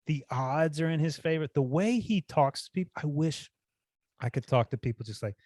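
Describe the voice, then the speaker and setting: A man co-hosting a casual chat podcast, telling stories in an animated way and mimicking the people he talks about. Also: fairly high pitch, moderate pace, no room sound, studio quality. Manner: animated, imitates fighters mid-story. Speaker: podcast co-host. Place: Hawaii.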